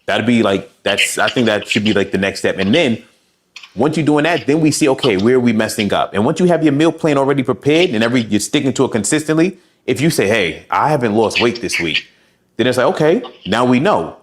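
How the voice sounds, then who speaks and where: A man's voice: mid-range voice, animated, fairly quick. A man working as a fitness coach, giving direct, encouraging advice and talking through examples. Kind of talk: coaching session.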